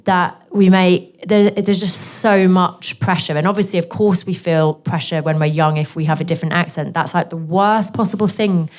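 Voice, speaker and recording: A woman's voice: on the low side, steady tone, moderate pace, hardly any pauses, darkish tone. A woman from Northeast England with a posh southern English accent, speaking as a guest author and answering audience questions candidly at a live bookshop event. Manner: candid, chatty, full of self-deprecating asides.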